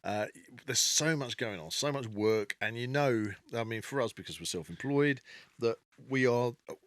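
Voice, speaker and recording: A man's voice: medium pitch, moderate pace, no room sound. A man co-hosting a casual podcast chat, rambling with many restarts and easy laughs. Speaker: podcast co-host.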